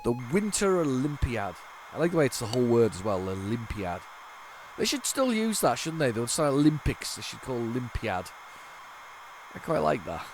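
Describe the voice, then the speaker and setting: A man's voice: mid-range voice, sing-song, moderate pace, background noise. Rambling man chatting through retro tapes. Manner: rambling, waffling with many restarts. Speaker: retro gaming channel host. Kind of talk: casual commentary while loading old tapes.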